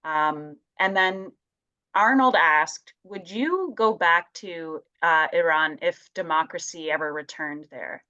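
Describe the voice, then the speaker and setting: A woman moderating an online Q&A over a video call, soft-spoken and searching for her words. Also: sits low, slow pace, dull audio. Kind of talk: hosting an online Q&A.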